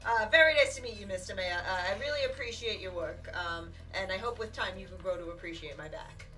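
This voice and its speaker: A woman's voice: mid-range voice, brisk, pushed and bright, a little hiss or hum. A woman playing a tabletop game, upbeat and joking as she speaks in character. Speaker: player. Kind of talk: tabletop role-play. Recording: distant mic, faint music.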